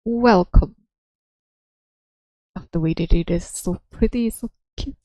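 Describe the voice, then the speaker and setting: Woman streamer, casual game commentary, mellow tone, dry close sound. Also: lowish voice, fairly quick, dry recording. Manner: chatty, musing aloud, laughs often.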